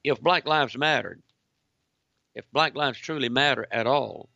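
A man giving an emphatic political commentary broadcast, hammering points through repetition and reading articles aloud in a gravelly voice. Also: medium pitch, measured pace, bright, forceful tone, dry recording, highs cut off.

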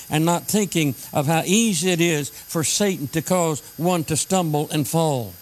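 A man preaching a sermon, slowing down to stress scripture lines. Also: on the high side, low-quality recording. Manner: emphatic, slows down to stress scripture.

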